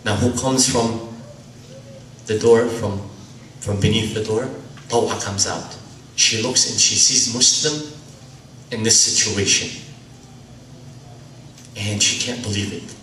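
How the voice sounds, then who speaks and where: A man's voice: on the low side, steady tone, slow pace, pauses often, fairly bright tone, a little hiss or hum. A man lecturing in a sermon, narrating a story dramatically and acting out the dialogue himself. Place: lecture hall. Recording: roomy, distant mic.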